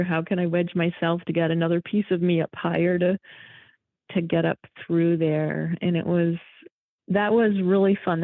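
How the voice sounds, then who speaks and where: A woman guest in a casual interview, telling her story in an animated, emotional way. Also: fairly low pitch, no echo. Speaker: guest, thru-hiker. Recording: tinny phone-like line.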